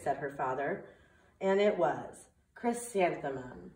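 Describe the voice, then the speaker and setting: During a remote circle time and story read-aloud, a woman teaching preschool talks to little kids slowly, clearly and in a sing-song style. Her voice is lowish with lively intonation, and the distant mic picks up a roomy sound.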